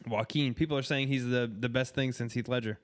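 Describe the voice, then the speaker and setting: A man's voice: medium pitch, steady tone, a little fast. A married man co-hosting a podcast in casual chat, laid-back and swearing freely. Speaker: podcast co-host.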